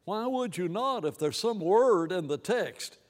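A man preaching a sermon in an animated, rambling way, with many restarts and fillers. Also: high voice, unhurried, big-room sound.

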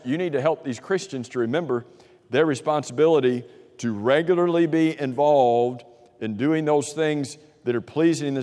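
A man's voice: mid-range voice, a little mellow. A man leads a Bible class, firing questions at the group and echoing their answers back. His talk is conversational and full of restarts. A long hall reverb trails each phrase. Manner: conversational, with frequent restarts and fillers. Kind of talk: interactive Bible class teaching.

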